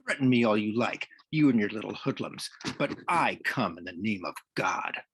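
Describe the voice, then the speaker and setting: A man voicing a fierce, devout teenage boy who answers a bully with forceful defiance. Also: on the low side, lively intonation, moderate pace, very noisy. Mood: defiant.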